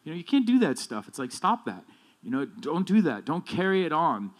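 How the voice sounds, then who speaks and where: A male pastor preaches with a very animated voice at a fairly quick pace, keeping things casual and conversational, rambling with restarts and asides. On key points he turns emphatic, building in loudness and pitch.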